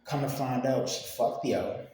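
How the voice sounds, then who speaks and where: A man's voice: mid-range voice, unhurried, warm tone, slight background noise. A young man casually telling a storytime tale in loose, profane slang, acting out the people he quotes. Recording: very echoey room, faint ambience.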